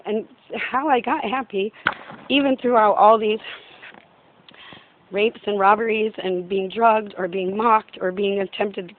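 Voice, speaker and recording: A woman's voice: medium pitch, fairly even intonation, normal speed. A woman talking through a meandering personal faith story outdoors in her yard, full of "like" and small laughs. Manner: meandering, heavy use of "like", frequent laughs. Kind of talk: rambling personal faith talk. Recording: tinny phone-like sound.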